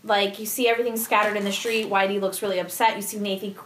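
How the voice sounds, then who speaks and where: A woman's voice: medium pitch, level tone, quick pace, a bit bright, a little hiss or hum. A woman co-hosting a casual podcast, reading listener comments aloud and giggling with her friends. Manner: giggly, reads out live comments. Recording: roomy echo.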